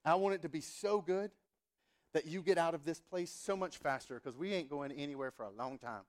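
A man's voice: fairly high pitch, brisk. A man in his thirties, a pastor telling a humorous story in a sermon and acting out the dialogue. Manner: animated, humorous, acts out dialogue.

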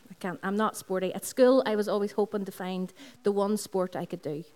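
A woman's voice: mid-range voice, steady tone, brisk, warm tone. A woman pastor with a Northern Irish accent preaches at a Sunday service in a school hall. She tells personal stories, repeats phrases and speaks directly to the congregation. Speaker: lead pastor. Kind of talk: sermon.

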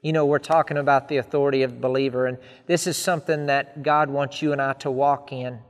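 A man's voice: mid-range voice, steady tone, fast, big-room sound. A man preaching a sermon in an earnest style, building emphatic repeated lists.

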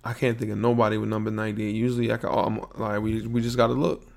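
A man hosting his own podcast alone, rambling in a relaxed, slangy way and thinking out loud. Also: on the low side, fast, creaky. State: yawning, a bit sleepy. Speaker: podcast host. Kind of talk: casual solo podcast monologue.

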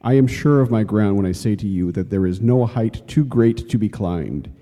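Male instructor, low pitch, exhorting, reverberant hall recording. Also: lively intonation, moderate pace, warm tone. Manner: earnest, exhorting, addresses listener as friend. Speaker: course instructor. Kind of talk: read-aloud inspirational lesson.

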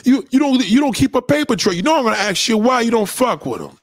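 A man's voice: very high voice, animated, fast talker. A man in a heated, profane livestream rant, lecturing his audience.

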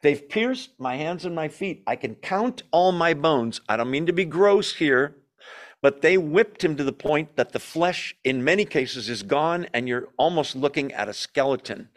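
A man leading a Bible study, teaching in a relaxed conversational way, asking the class questions and reading scripture aloud. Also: on the high side, moderate pace.

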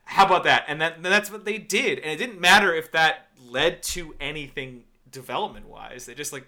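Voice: medium pitch, moderate pace, few pauses, bright, forceful tone. A podcast co-host ranting sarcastically about a bad movie in casual, profane banter.

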